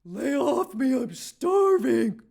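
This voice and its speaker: A woman doing a loud, manic impression of a male comedian, shouting his lines. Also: high voice, very animated, slow, vocal fry, voice pushed up, full character voice. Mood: frantic.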